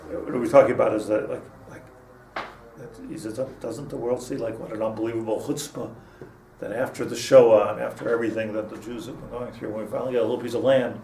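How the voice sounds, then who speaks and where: A man's voice: medium pitch, steady tone, fast, creaky, mellow. A man teaching a casual Torah class, rambling with many restarts and mixing in Hebrew terms. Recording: echoey room, mic at a distance, faint hum.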